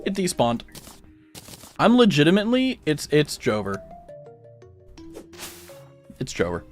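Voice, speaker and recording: Young man, casual streamer, rambly and self-mocking, very lively pitch, a touch high. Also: a little slow, faint music behind. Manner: rambling, self-mocking jokes, chatty with viewers. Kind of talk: casual chat while gaming.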